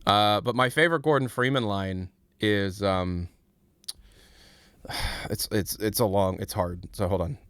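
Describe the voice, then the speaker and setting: A man's voice: on the low side, unhurried, a bit bright, clear, resonant tone, dry recording. A man from the United States chatting casually on a live stream, rambling and joking as he reads chat and donations aloud. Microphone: desk mic.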